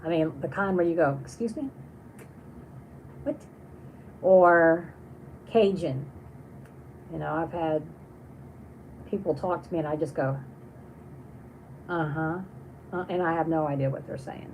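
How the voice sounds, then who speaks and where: A woman's voice: deep voice, normal speed, long pauses, a little mellow, a little hiss or hum, rough recording. A woman hosting a casual livestream, reading viewer comments aloud and chatting on in a rambling way with many restarts. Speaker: livestream host.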